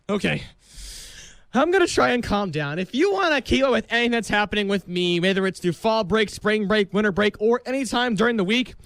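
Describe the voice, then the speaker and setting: A young man hosting a college radio show, talking in a dramatic, excitable comic monologue that bursts into shouting. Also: high voice, no room sound. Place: radio studio.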